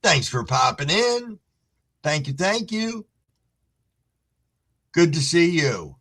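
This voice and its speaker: Middle-aged male streamer, relaxed chat host, slow unhurried pace, bright lively voice. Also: fairly high pitch. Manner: laid-back, reads chat aloud, hums to himself. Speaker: livestream host. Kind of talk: casual livestream chat, greeting viewers.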